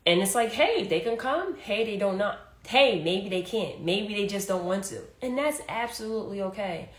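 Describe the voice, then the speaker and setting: A woman's voice: medium pitch, expressive, normal speed, few pauses, a bit bright. A young adult woman hosting a casual motivational talk, chatty and emphatic, full of "hey" and "like". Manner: conversational, repeats "hey" and "like", emphatic. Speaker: podcast host. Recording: roomy echo.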